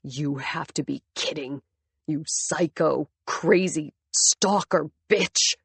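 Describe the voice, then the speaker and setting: A woman voicing a bitter, furious husband who talks low, slow and venomous. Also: vocal fry, fairly bright tone, slightly rough, dry recording, heavily acted. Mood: contemptuous. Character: bitter, furious male husband in his prime.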